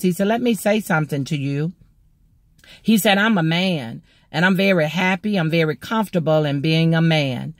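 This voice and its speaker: A motivational speaker and ordained minister from Mississippi shares her personal testimony slowly and deliberately. Her voice sits low, and there's no room sound.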